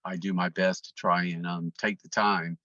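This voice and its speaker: A man's voice: sits low, flat delivery, moderate pace, sharp tone, dry recording, highs cut off. A man telling a long personal story as an interview guest, rambling with many ums and restarts. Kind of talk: casual storytelling.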